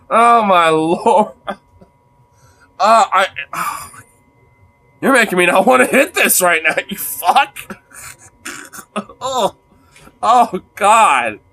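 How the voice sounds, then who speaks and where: A man's voice: high voice, animated, extremely slow, long pauses, sharp tone. A man chatting casually with his viewers on a livestream, crude and joking. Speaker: streamer.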